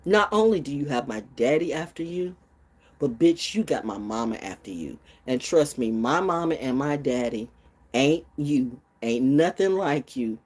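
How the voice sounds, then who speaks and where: A woman's voice: expressive, normal speed, a little mellow, breathy edge. Blunt profane woman in her sixties. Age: 60s. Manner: blunt and profane, swinging from low mutters to high outbursts. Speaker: vlogger. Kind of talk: unscripted rant to camera.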